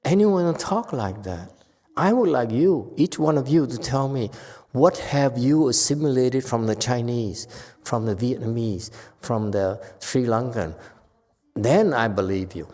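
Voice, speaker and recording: A man giving an informal Buddhist dharma lecture, talking conversationally with animated bursts and frequent restarts. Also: mid-range voice. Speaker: Buddhist teacher. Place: temple lecture hall. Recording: long hall reverb.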